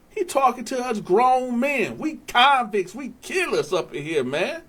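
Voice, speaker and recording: A man hosting his own channel, telling a casual story straight to his viewers in an animated, profane way. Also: very high voice, measured pace, slightly rough. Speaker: storyteller host.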